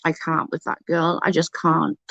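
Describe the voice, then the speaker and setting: A woman's voice: sits low, completely flat delivery, moderate pace, creaky, fairly bright tone, no echo, highs cut off. Outraged woman ranting on stream. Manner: outraged, emphatic, reads and answers chat. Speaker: live-stream commentator. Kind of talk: ranting live-stream commentary.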